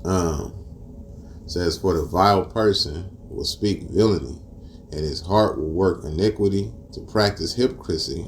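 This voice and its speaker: A man with teaching scripture in a casual street style, mixing verses with profane stories and rising loud and high when outraged. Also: moderate pace, slight background noise. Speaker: preacher.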